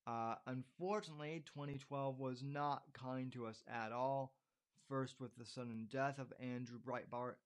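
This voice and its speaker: A man in his twenties hosts a podcast, reading his own essay in a mid-pitched voice. He steps away from the text for loose asides, calling his listeners "folks" or "ladies and gentlemen" and filling pauses with "uh" before returning to the article. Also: steady tone, smooth. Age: 20s. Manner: frequent uh fillers and restarts in asides. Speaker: podcast host.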